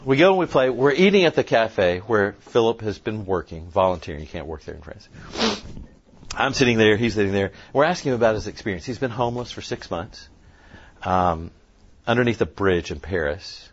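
A man speaking at a conference, telling a story in an animated way and quoting people as he goes. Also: fairly low pitch, brisk. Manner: animated, tells the story with quoted voices. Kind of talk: storytelling talk. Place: conference room. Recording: dull lo-fi sound, faint noise.

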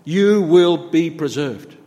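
A man's voice: on the high side, animated, takes it slowly, dark tone. A man preaching a sermon, earnest, building his points through repeated phrases. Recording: long hall reverb.

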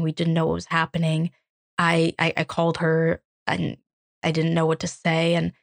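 A young woman from Ukraine, a podcast host, telling a personal story in an earnest, reflective way with halting restarts. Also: low voice, vocal fry, no room sound.

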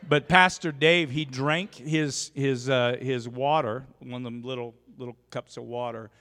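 A man preaching a sermon as a pastor, telling a story with lively swings from quiet asides to shouting. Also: mid-range voice, measured pace. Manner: animated, shouts in storytelling peaks. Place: church sanctuary. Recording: long church reverb.

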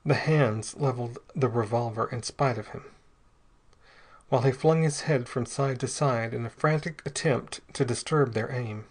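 A man with a middle-pitched voice reads a story aloud as narrator. His delivery is steady and dramatic, with scripted pacing. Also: normal speed.

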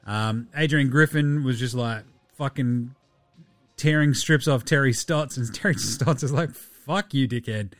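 A man with an Australian accent hosting a casual solo sports podcast, loose, sweary and quick to laugh. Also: mid-range voice, dry recording, faint music behind. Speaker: podcast host.

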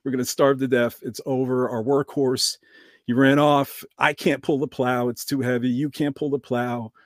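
A man voicing a panicking young farmer's son in a told story, his voice jumping high and pleading. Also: level tone, moderate pace, dry recording, studio quality, lightly acted. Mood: despairing.

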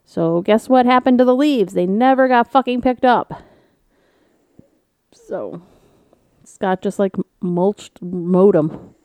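A woman's voice: medium pitch, takes it slowly, long pauses, a little mellow, no room sound. A woman co-hosting a casual chat podcast, telling stories with swearing, laughs and funny voices. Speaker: podcast co-host.

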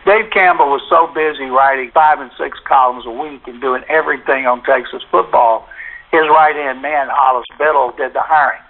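An older man, a sportswriter guest in an interview, telling stories in a folksy, animated way with lots of quoted dialogue. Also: mid-range voice, moderate pace. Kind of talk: anecdotal storytelling. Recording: tinny phone line.

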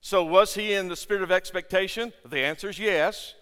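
An older man preaching in a church, his high, bright, smooth voice trailing off into a long hall reverb. He speaks with passion, stumbles into quick restarts and keeps asking the room questions. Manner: impassioned, stammering restarts and rhetorical questions to the congregation. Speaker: pastor. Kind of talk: sermon. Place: church sanctuary.

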